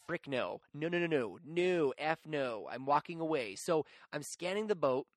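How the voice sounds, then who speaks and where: A young man hosting a podcast, telling a story in a chatty, animated, self-mocking way with lots of fillers. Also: a little high, moderate pace, no echo, clean studio sound. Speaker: podcast host. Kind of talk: casual storytelling.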